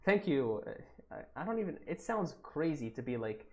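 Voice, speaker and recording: A young man livestreaming as he draws, chatting casually with his viewers, reading the chat aloud, thinking out loud about his work and laughing often. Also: fairly high pitch, sing-song, moderate pace. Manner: reads and answers live chat. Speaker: artist streaming while drawing. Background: faint background music.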